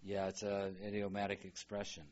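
A man teaching a Bible language lesson, slowly sounding out and repeating words for students to follow. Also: on the low side, monotone, dull audio. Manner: slow, repeats words aloud for practice. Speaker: Hebrew teacher.

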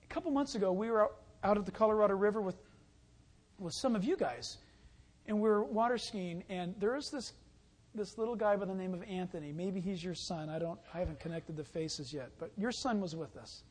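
High-voiced man preaching a sermon. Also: brisk. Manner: storytelling, shouting and calling out when excited. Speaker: pastor.

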